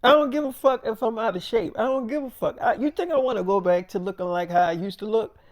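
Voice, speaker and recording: Man playing a swearing, pushy best buddy, high and forceful. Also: expressive, fast, dry recording, clean studio sound. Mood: heated. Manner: profane, confrontational, keeps pressing. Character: heated, loud-mouthed male best friend.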